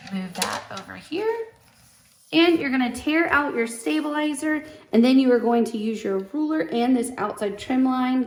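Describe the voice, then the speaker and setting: Young woman, sewing tutorial, bubbly and chatty, raised pitch, gravelly fry, echoey room. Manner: bubbly, chatty, gushes over how cute things are. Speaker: sewing instructor. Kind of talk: friendly how-to demonstration.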